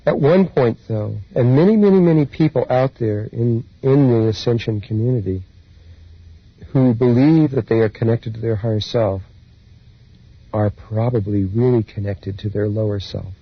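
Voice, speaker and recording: A man speaking as a spiritual teacher, telling his personal experiences in an unhurried, meandering way with soft laughs. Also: medium pitch, husky. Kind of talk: reflective personal storytelling talk. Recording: dull lo-fi recording.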